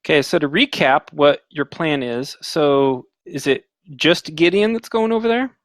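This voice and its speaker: A man's voice: fairly high pitch, a little slow, no room sound. A man running a tabletop game as game master, explaining the rules plainly and easily.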